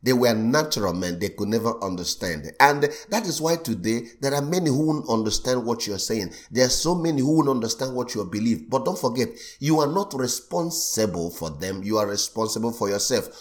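Lively preaching man. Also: medium pitch, brisk, hardly any pauses. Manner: animated preaching, acts out quoted voices. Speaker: pastor. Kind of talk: sermon.

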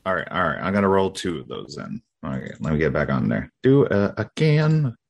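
Very deep-voiced male player. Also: sing-song, fairly quick, vocal fry. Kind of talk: casual game chat.

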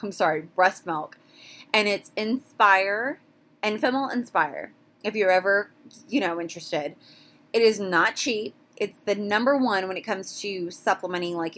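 Candid mom podcaster. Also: female voice, medium pitch, fairly bright tone. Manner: candid, rambling, frequent restarts. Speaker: podcast host. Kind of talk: casual solo podcast talk.

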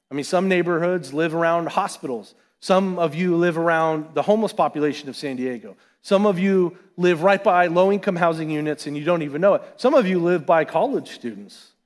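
Pastor, male, fairly high voice, chatty animated sermon, long church reverb. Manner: conversational, animated preaching with asides. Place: church sanctuary.

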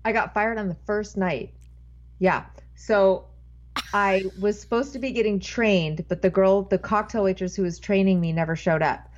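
A woman's voice: mid-range voice, fairly even intonation, moderate pace, highs cut off. Rambling woman guest telling a story. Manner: rambling, self-interrupting storyteller. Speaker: podcast guest. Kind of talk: casual anecdote telling.

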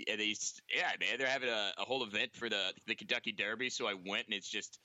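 A man's voice: on the low side, fairly even intonation, fast talker, bright, forceful tone, no room sound. A young man from New Jersey chatting casually as a podcast co-host, rambling and swearing. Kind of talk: casual chat.

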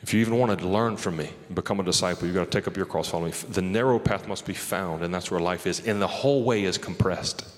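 A man's voice: low voice, fast, few pauses. A man preaching a sermon in a loose, conversational way, often laughing and talking straight to the crowd. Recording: long hall reverb.

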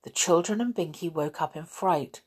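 A woman reading a children's story aloud in a gentle, expressive way. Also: fairly low pitch, moderate pace, husky. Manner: gentle, expressive, with soft laughs.

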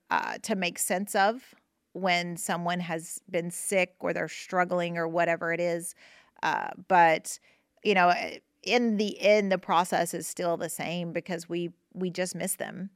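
A woman hosting a podcast, talking casually and gently about grief, reassuring listeners with lots of fillers and restarts. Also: fairly low pitch, steady tone, measured pace, dry recording, clean studio sound. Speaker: podcast host.

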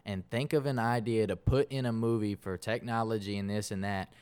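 A man's voice: on the low side, fairly even intonation, brisk, a little mellow, clear, resonant tone. A young man co-hosting a podcast, making his points in an opinionated, ranting way. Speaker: podcast co-host. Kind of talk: casual chat.

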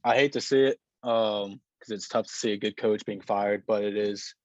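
Low-voiced man in casual sports chat. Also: steady tone, normal speed, darkish tone, no room sound, muffled recording. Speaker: podcast co-host.

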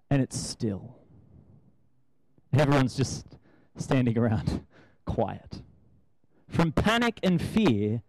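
A man's voice: medium pitch, no room sound, low-quality recording. A young man giving a conversational sermon, asking his listeners rhetorical questions. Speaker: preacher.

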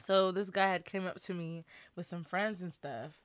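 A woman's voice: fairly low pitch, moderate pace. A young woman co-hosting a podcast, chatty and laughing often as she tells a story. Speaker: podcast co-host. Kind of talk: casual chat.

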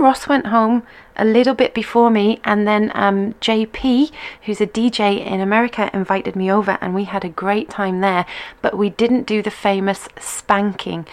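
A woman who teaches dance, hosting a live stream from home and chatting cheerfully as she reads out comments from her viewers. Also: on the high side. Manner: chatty, giggly and upbeat. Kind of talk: casual chat reading out viewer comments.

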